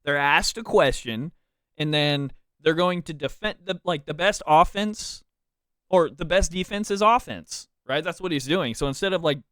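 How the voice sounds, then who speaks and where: A man's voice: fairly high pitch, moderate pace, fairly bright tone, no echo, studio quality. A man streaming, giving casual reaction commentary with a chatty, laughing manner.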